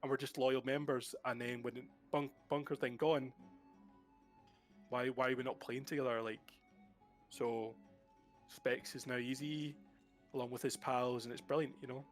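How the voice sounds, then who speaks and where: A man's voice: medium pitch, fairly even intonation, moderate pace, long pauses, soft background music. A young man from Scotland with a mild Glasgow accent, chatting casually and jokingly as an interview guest. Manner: joking, rambling with fillers. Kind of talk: casual chat.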